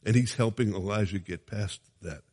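A man's voice: on the low side, moderate pace, darkish tone, slightly rough, in a large hall. A man preaching a sermon, reading scripture dramatically and adding conversational asides with chuckles.

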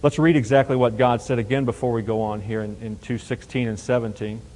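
A man's voice: medium pitch, steady tone, a little fast, a little mellow, in a large hall, poor audio. A man teaching a Bible passage verse by verse, emphatic and explanatory, often asking rhetorical questions.

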